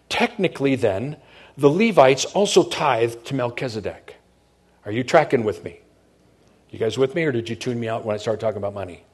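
Husky-voiced middle-aged male pastor. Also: a little high. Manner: conversational, checks in with the congregation. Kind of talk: sermon.

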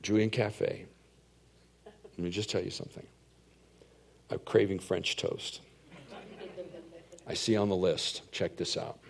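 A middle-aged man preaching a sermon as a pastor, telling stories and swinging from hushed asides to loud, emphatic points. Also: low voice, flat delivery, slow, gravelly, pauses often.

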